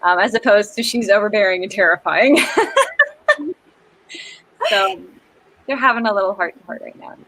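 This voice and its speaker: A woman hosting a casual writing livestream, bubbly and quick to giggle. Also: mid-range voice, background noise. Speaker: host.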